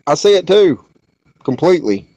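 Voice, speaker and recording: A man at a round table who speaks haltingly and mostly agrees. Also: fairly high pitch, very animated, warm tone, low-quality recording.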